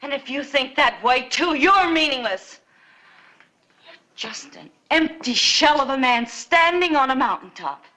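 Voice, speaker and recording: A defiant pleading sister. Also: female voice, a little high, animated, measured pace, pauses often, fairly bright tone. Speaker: sister of a dying outlaw. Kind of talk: 1950s TV western acting.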